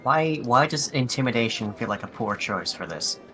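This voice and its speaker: Bright-voiced laughing tabletop player. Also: medium pitch, expressive, normal speed, soft background music. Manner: laughing, easygoing. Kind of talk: casual tabletop play.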